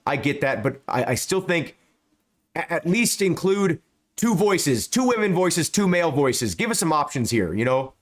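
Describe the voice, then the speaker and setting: A man talks over his gameplay in a loose, rambling way. His voice sits a little high, and he stumbles over his words, repeating them often. He swears casually as he chats to his viewers. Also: big pitch swings, normal speed. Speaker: gaming YouTuber.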